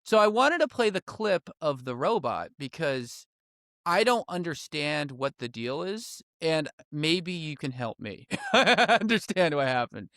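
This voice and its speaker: A man's voice: fairly high pitch, sing-song, unhurried, a bit bright, no room sound, studio quality. A man co-hosting a political podcast, laughing often and sounding incredulous in casual chat. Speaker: podcast co-host.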